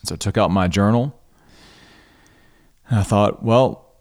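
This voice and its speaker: Male podcast host, earnest and devout, slightly low voice, reflective storytelling with pauses. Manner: earnest, unhurried, pauses and restarts mid-thought; spiritual, devout tone.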